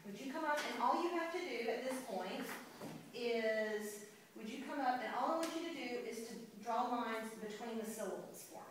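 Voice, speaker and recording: A woman's voice: fairly high pitch, moderate pace. A woman teacher lecturing a class, chatty and often checking in with her students. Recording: echoey classroom from far off, hiss.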